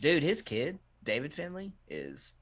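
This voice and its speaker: A man's voice: on the high side, slow pace. A man with a Texan accent co-hosting a wrestling podcast, joking and swearing in casual chat. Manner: profane, joking, animated. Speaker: podcast co-host.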